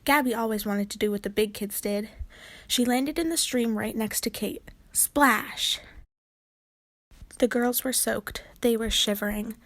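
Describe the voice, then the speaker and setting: A woman's voice: a little high, unhurried, a bit bright, no room sound. Woman reading a children's storybook. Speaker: narrator. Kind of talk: children's book read-aloud.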